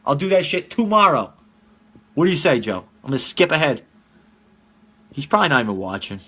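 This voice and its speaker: A man's voice: fairly high pitch, sing-song, a little fast, pushed and bright, slightly rough. A man in his twenties hosting a casual live-streamed podcast from home, telling rambling, profane stories and laughing often. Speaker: podcast host.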